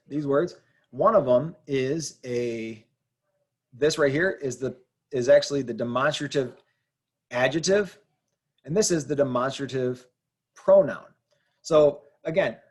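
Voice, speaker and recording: A man's voice: fairly high pitch, darkish tone. Patient man teaching Spanish accents. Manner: patient, repeats example words slowly. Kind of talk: explaining grammar to learners.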